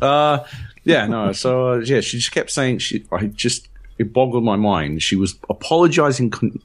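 A man's voice: mid-range voice, animated, normal speed. A man co-hosting a podcast, telling a rambling, profane story full of fillers in casual chat. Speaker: podcast co-host.

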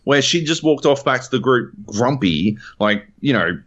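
A man's voice: medium pitch, expressive, moderate pace, a bit bright. A man co-hosting a gaming podcast, interjecting and retelling events with sweary commentary. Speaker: podcast co-host. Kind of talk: casual chat. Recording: dull lo-fi mic.

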